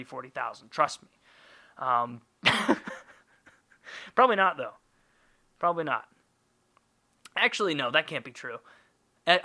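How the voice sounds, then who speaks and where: A man's voice: on the high side, bright, forceful tone. A man hosting a podcast alone, rambling in a jokey, profane way. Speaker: podcast host. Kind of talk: casual solo monologue.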